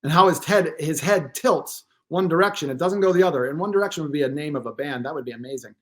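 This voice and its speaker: A man from Pennsylvania, a guest posture therapist, telling animated, joking anecdotes in a podcast interview and acting out both sides of the conversation. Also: a little high, fast.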